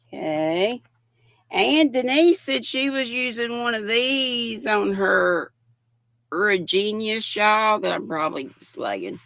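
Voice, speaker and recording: An older woman chats slowly and warmly through a yarn show-and-tell, greeting viewers as she goes. Her voice is bright with a gravelly edge, and the sound is dry and close. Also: mid-range voice, expressive, no echo. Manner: chatty, reads viewer comments aloud with affectionate greetings. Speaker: livestream host. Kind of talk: casual chat while showing yarn.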